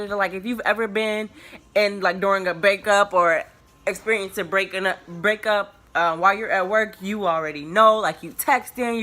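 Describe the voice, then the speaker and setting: A woman in her early twenties telling viewers a personal story in a casual, rambling way, full of filler words and restarts. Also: on the low side. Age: early 20s. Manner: relaxed, confiding tone addressed to viewers.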